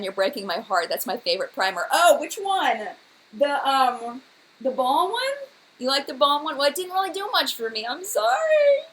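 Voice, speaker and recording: Fast-talking woman on a home livestream. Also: medium pitch, fairly bright tone, slight background noise, low-quality recording. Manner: fast, chatty, reads viewer comments aloud. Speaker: beauty channel host. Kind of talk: live-stream chat about makeup. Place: home room by her dresser.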